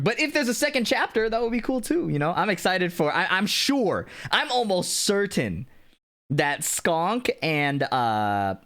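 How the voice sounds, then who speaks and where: A man chatting casually on a live stream, animated and laughing, swearing freely as he talks. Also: fairly high pitch. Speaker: streamer and video maker.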